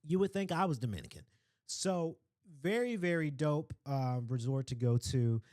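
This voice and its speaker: A young man hosting a podcast, telling a travel story in a rambling, chatty way full of asides and shout-outs. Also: fairly high pitch, very animated, moderate pace, no echo. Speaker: podcast host. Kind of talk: casual chat.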